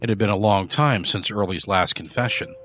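A man narrating a horror story in a measured, dark storytelling manner. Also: fairly low pitch, faint music behind.

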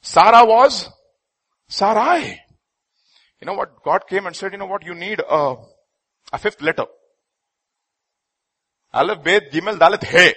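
A man preaches with a high, bright and husky voice that leaps and falls across a wide range. He swings from hushed asides to loud pleading cries. He slows right down to press home key lines. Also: lively intonation. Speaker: pastor. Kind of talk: sermon.

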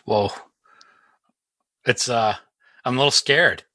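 A man co-hosting a fan podcast in casual chat, halting and restarting often, with dry asides. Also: mid-range voice, sharp tone, dry recording. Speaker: podcast co-host.

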